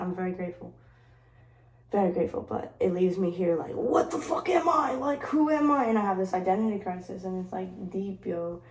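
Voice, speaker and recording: A woman's voice: lowish voice, mellow. Brief: playful woman vlogger with a mixed, partly British-sounding accent, casual chat recorded from a distant camera in an echoey room. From Detroit. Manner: playful, laughs often, switches into French. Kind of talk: casual chat while working.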